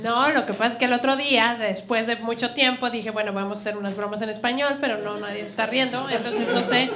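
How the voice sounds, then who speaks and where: A woman's voice: fairly high pitch, fairly even intonation, rapid-fire, a crowd in the background. A woman whose first language is Spanish, hosting an open mic with upbeat patter and laughing asides. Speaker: host. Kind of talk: emcee patter. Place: comedy club stage. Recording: roomy live room with audience.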